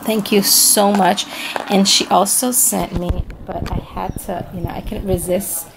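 Woman, gravelly voice, medium pitch, enthusiastic, casual vlog chat, searches for words. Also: steady tone, measured pace, background noise. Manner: gushing and enthusiastic, repeats praise words; searches for words, trails off mid-sentence. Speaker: craft vlogger showing a package.

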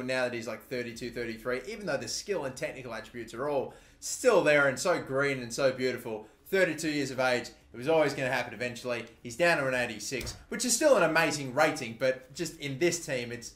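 An Australian man commentating his own football video game career, calm musing that bursts into loud shouting at big moments. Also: medium pitch, fairly quick, few pauses. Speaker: gaming YouTuber. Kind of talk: excited gameplay commentary. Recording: echoey room with faint noise.

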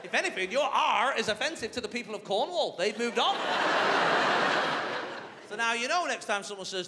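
Lively high-voiced stand-up comic man. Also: moderate pace, heavy background noise. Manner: animated, chatty, mock-outraged asides. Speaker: stand-up comedian. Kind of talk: live stand-up routine. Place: theatre stage before a live audience. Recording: reverberant theatre with crowd laughter. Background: audience laughter.

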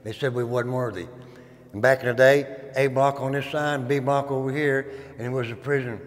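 Speaking at a moderate pace in a steady, mid-range voice, this man who once served time guides listeners through an old prison. His tour is dramatic and folksy, full of storytelling, and he calls everyone "guys" while a stone hall throws back a long echo.

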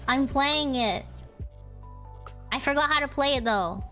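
A fairly high-voiced woman chatting through a card game on stream, flustered and talking to herself as she plays. She swears under her breath and jumps up into loud squeals when she slips up. Faint music plays behind her. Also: unhurried. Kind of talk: casual gameplay streaming.

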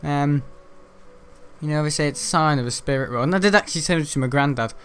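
A young man chats loosely over his gameplay, drifting from topic to topic and dropping mild swears as he goes. His voice is smooth and clear and sits a little high for a man. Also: fast talker. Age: young adult. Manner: chatty and rambling, frequent mild swearing. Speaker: gaming YouTuber. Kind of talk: casual gameplay commentary.

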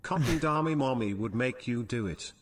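Flat synthetic male reading voice. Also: mid-range voice, normal speed. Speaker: donation message reader. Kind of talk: text-to-speech reading chat messages.

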